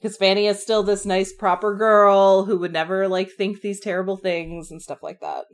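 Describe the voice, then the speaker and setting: A woman co-hosting a casual book discussion, relaxed, adding background explanations. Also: medium pitch, normal speed. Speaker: book podcast co-host.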